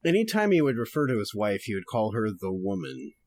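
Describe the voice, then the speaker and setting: A man's voice: on the low side, huge pitch swings, fairly quick, a little mellow, no echo. A young man hosting a podcast, chatting casually and reading a story aloud, laughing often and swearing freely.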